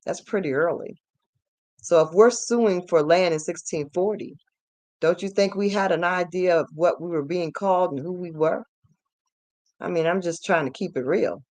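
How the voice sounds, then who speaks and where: A woman's voice: lowish voice, normal speed. Emphatic woman, ranting. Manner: emphatic, repetitive, rising to shouts. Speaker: channel host. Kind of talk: ranting commentary monologue.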